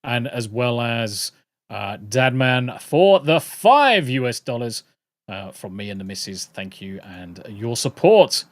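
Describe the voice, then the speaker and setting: A man's voice: mid-range voice, very animated, takes it slowly, no room sound, studio quality. A British man hosting a livestream, chatting casually to viewers in a rambling, jokey way and swearing freely. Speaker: livestream host.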